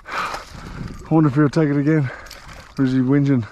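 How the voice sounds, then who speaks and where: An Australian man giving excited running commentary while fishing from a boat, swinging from loud shouts to low coaching mutters. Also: moderate pace, long pauses, a little hiss or hum. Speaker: fishing vlogger. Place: boat on the open sea, outdoors. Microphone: action camera.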